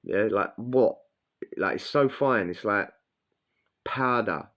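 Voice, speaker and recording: A man's voice: lowish voice, lively intonation, slow. A man telling a blunt, crude prison story in casual slang, acting out what people said. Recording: dull lo-fi sound.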